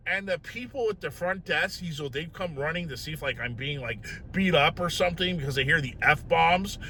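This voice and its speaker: Animated, bright-voiced man telling a story. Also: on the high side, normal speed, slight background noise. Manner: animated, self-mocking, tags lines with "right?". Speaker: vlogger. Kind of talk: casual storytelling.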